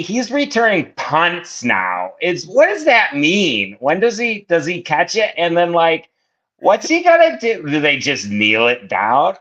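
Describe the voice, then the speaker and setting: A woman's voice: fairly low pitch, a bit bright, muffled recording, pitched above the performer's own voice, heavily acted. A man putting on his mother's voice, a middle-aged woman with a thick Buffalo accent, nasal and heavy on the A sounds, asking confused questions.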